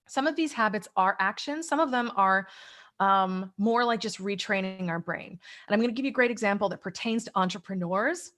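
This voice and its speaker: A middle-aged woman, a life coach, talking energetically in an interview and acting out the voices in her head. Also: mid-range voice. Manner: energetic, acts out inner voices. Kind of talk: interview, motivational talk.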